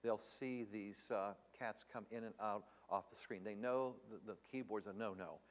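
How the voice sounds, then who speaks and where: A man's voice: fairly low pitch, moderate pace, long reverb tail. A man preaching in an earnest, emphatic way, teaching Bible answers on a live stream and asking rhetorical questions.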